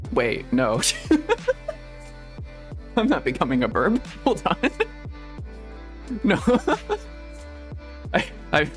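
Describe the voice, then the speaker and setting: A live streamer chats at a mid pitch, giggling between nearly every sentence. The talk rambles and doubles back in a silly, self-correcting way. Quiet music plays faintly behind the voice. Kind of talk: casual live-stream chat. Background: faint background music.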